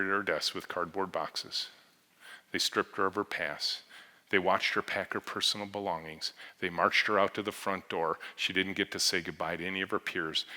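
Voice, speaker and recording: A man's voice: low voice, sharp tone. A man, a company CEO, giving a conference talk on stage, telling stories and voicing the people in them. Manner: earnest storyteller, voices the people in his anecdotes. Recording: long hall reverb.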